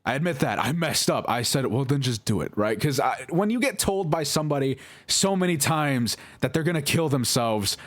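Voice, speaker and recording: A young man telling his side of a story in a halting, emotional monologue, swearing and correcting himself as he goes. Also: a little high, expressive, a bit bright. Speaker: vlogger responding to accusations.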